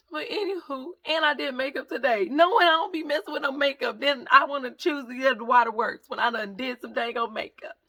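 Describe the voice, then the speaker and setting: Woman vlogging, kinda gravelly, pitched a bit high, rambly and heartfelt. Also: fairly quick, few pauses, bright, forceful tone. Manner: heartfelt, rambling, tearful at times. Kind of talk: emotional casual vlog talk.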